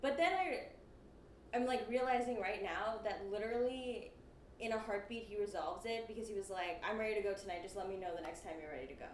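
A woman's voice: mid-range voice, fairly quick, a little hiss or hum. Young woman musing casually in an echoey room. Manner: reflective, uses "like" and "literally". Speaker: guest. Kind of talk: casual reflective chat.

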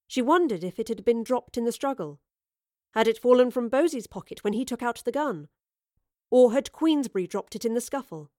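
A woman reading a scripted story aloud in a measured, expressive storytelling manner. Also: on the high side, no room sound, studio quality. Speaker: narrator. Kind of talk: scripted narration.

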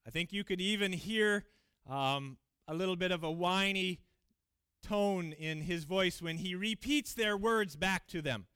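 A man's voice: high-pitched, a little slow, sharp tone, clean tone, no room sound, clean studio sound. A man preaching a sermon in church, reading scripture aloud and explaining it in an earnest, emphatic way with frequent fillers and restarts.

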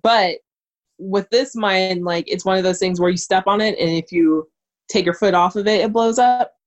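A woman's voice: medium pitch, moderate pace, muffled recording. A woman in casual chat, talking expressively about a film scene and how it made her feel.

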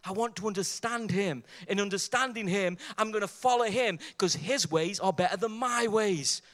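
A man's voice: sits high, normal speed, fairly bright tone. A man preaching a sermon, emphatic and fervent, driving his points with rhetorical questions and repeated exhortations.

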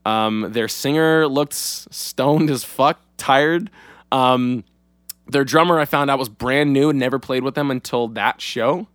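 A young man co-hosting a podcast casually rambles through a story, using lots of fillers and swearing freely. His smooth, mid-range voice is a bit bright and a little slow, recorded dry at studio quality.

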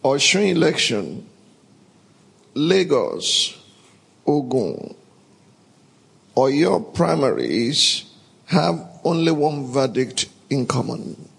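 Male pastor, gravelly and unhurried, preaching emphatically in a reverberant church hall. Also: medium pitch, animated, a bit bright. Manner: emphatic, calls out to the congregation for responses. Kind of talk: sermon.

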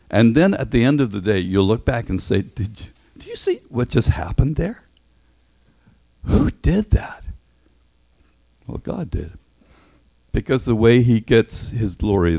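Man, lowish voice, preacher, easygoing storytelling sermon, conversational. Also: warm tone. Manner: conversational, anecdotal, acts out voices in stories. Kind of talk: storytelling sermon ending in prayer.

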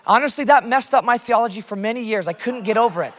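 A man's voice: extremely high pitch, fast, a bit bright, some chatter behind. An American man preaching a sermon with passion, telling stories from his missions work. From United States. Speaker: pastor. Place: church hall. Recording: long hall reverb.

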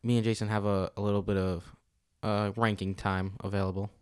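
A young man co-hosting a fantasy football podcast, easygoing and quick to laugh. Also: on the low side, little pitch movement, a little mellow, clean tone. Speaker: podcast co-host. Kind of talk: casual podcast chat.

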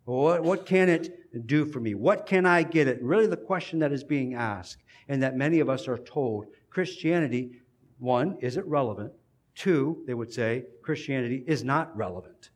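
A man's voice: medium pitch, expressive, moderate pace. Earnest male preacher delivering a sermon.

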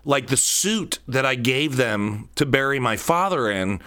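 A man's voice: mid-range voice, animated, a little slow, sharp tone, clean tone. A man in his thirties hosting a solo podcast, talking candidly and rambling, tripping over repeated words. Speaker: podcast host.

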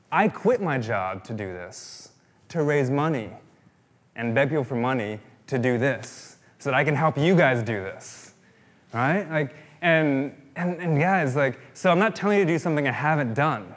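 A male pastor giving a sermon in a conversational way, repeating phrases for emphasis. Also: on the high side.

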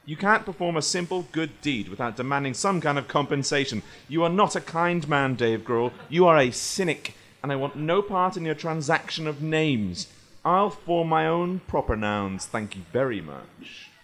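A man's voice: fairly high pitch, lively intonation, normal speed, fairly bright tone. A man playing a touchy male bagel shop owner in his own voice, pleading, then scolding with indignation. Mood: indignant.

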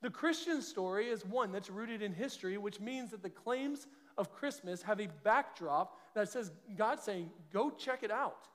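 A man's voice: high-pitched, moderate pace, few pauses, big-room sound. A man, preaching a sermon in an earnest, conversational way, often restarting his sentences. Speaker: pastor.

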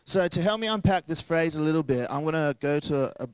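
A man's voice: fairly high pitch, lively intonation, fairly quick, clean tone, no echo. Casual joking young male pastor. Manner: casual, joking asides, acts out quoted voices. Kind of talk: sermon.

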